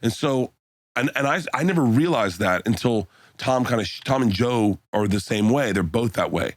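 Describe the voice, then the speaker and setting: A middle-aged man spins profane, rowdy stories on a podcast, jumping into a higher voice to play the friends he quotes. His voice sits at an ordinary pitch for a man. The mic is close and the room sounds dry and dead. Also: expressive, moderate pace, no room sound. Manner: profane storytelling, acts out friends' lines in a high voice. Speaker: podcast guest. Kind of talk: casual podcast chat.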